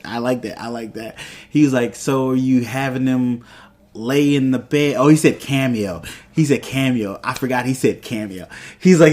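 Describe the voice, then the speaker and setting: A man's voice: medium pitch, darkish tone. A man hosting a review show, casually recapping an episode and acting out the characters' lines with many fillers. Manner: chatty, retells scenes by playing the characters' lines, many fillers.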